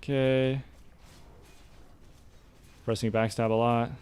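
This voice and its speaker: A young man streaming a game, talking through his play with excitable, ranting frustration. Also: mid-range voice, takes it slowly, clear, resonant tone. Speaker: gaming streamer. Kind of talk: live gameplay commentary.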